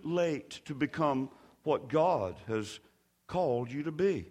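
A man's voice: fairly high pitch, animated, takes it slowly, darkish tone, some chatter behind, a little hiss or hum. A male pastor, preaching a sermon with emphasis and leading his congregation in call-and-response.

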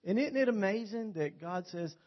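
A man's voice: high voice, animated, normal speed. Folksy man preaching a sermon. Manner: folksy, joking storyteller. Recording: dull lo-fi recording.

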